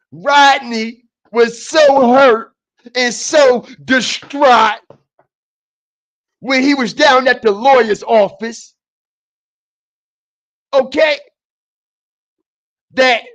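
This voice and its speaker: Man, very high voice, slow deliberate delivery, profane streamer rant, repeats himself, swings between muttering and shouting. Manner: repetitive, emphatic, often repeats phrases; profane and confrontational. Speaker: streamer commentator. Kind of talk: heated profane commentary.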